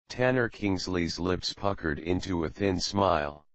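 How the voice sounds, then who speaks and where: Deep slow male audiobook reader. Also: no room sound. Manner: steady, measured reading. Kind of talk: audiobook narration. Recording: dull lo-fi audiobook.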